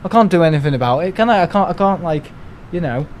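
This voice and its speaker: A man's voice: a little high, lively intonation, fast talker, a little mellow, slight background noise, poor audio. A young man, chatting casually on a live stream, rambling and grumbling as he talks. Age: young adult. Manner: rambling, grumbling, mimics other people in asides.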